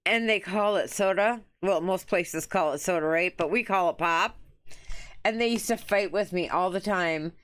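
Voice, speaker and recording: A woman's voice: on the low side, normal speed, fairly bright tone. A woman streaming a cozy game, chatting playfully with her viewers and reading dialogue aloud. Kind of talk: casual let's-play chat.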